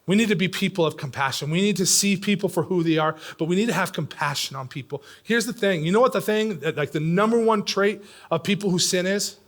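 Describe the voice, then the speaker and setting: A middle-aged man preaching a sermon in a church, swinging between loud, pressing lines and hushed, near-whispered ones. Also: sits high, fairly quick, few pauses. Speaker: pastor. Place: church sanctuary.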